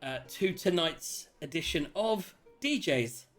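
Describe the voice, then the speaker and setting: A man hosting a tabletop role-playing stream, chatting excitedly and rambling with many restarts. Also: on the high side, slow, soft background music. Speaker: host and player character. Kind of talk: casual chat opening a tabletop game stream.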